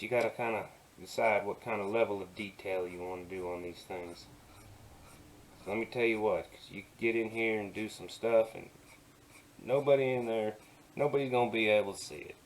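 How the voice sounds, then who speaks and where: A man teaching digital painting in an easygoing, soft-spoken way, talking himself through each step in a put-on folksy drawl. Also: fairly low pitch, slight background noise. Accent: put-on folksy drawl while working. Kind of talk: relaxed screen-recorded painting tutorial.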